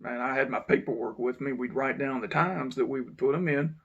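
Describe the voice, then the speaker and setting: A man's voice: medium pitch, brisk, a bit bright, husky, highs cut off. A man, a former correctional officer, telling a frank, blunt story with the occasional curse. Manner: blunt, frank, swears now and then. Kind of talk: casual first-person storytelling.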